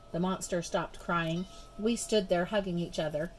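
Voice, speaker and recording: A woman reading a children's storybook aloud in an expressive, measured way. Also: fairly low pitch, slight background noise. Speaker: storybook reader. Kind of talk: children's book read-aloud.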